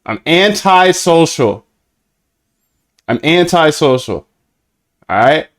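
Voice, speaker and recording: A man's voice: a little high, slow pace. Laid-back slangy young man streaming. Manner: laid-back slangy banter with chat, shifts between flat monotone and lively bursts. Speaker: trading bot streamer. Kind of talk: casual live-stream coding chat.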